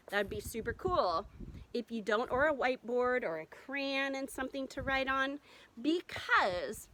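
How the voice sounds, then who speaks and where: A woman's voice: medium pitch, a bit bright, a little hiss or hum. A woman teaching a remote reading lesson to first graders, patient and encouraging as she sounds out words.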